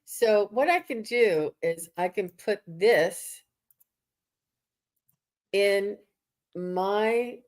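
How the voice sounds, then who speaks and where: A woman's voice: medium pitch, lively intonation, extremely slow, long pauses, darkish tone. A woman hosting a psychic livestream, chatting casually and enthusiastically over a video call and greeting viewers. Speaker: psychic medium host.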